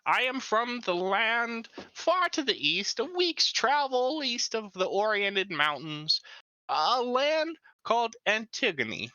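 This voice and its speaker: A man's voice: very high-pitched, sing-song, takes it slowly, bright, forceful tone, no room sound, highs cut off, heavily acted. A man voicing an ancient exiled male minotaur king who speaks in a grand, formal manner and coughs between his words. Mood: solemn.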